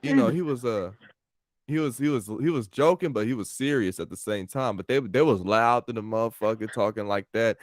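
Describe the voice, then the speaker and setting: A man's voice: medium pitch, fairly quick, no echo, clean studio sound. A young man from California telling a rambling, profane story in casual podcast chat, full of fillers and restarts, over a call. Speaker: podcast host. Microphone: call audio.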